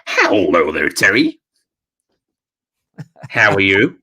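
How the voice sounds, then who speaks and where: A man's voice: low voice, sing-song, takes it slowly, pushed and bright, slightly rough. A man calling in to a radio-style show, putting on an unconvincing American accent and stumbling over his words. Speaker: caller.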